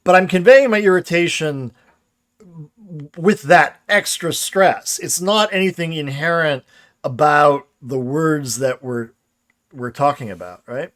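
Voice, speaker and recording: A man's voice: a little high, a bit bright. A man giving a casual livestreamed grammar lecture, explaining and answering chat questions, often checking in with "right?".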